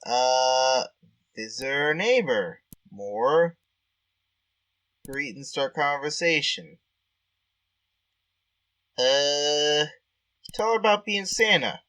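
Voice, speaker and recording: A man's voice: mid-range voice, a bit bright. A man playing a text adventure and thinking aloud in a chatty, easily amused way as he reads out the game's text. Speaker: game player. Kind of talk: let's-play commentary and reading game text.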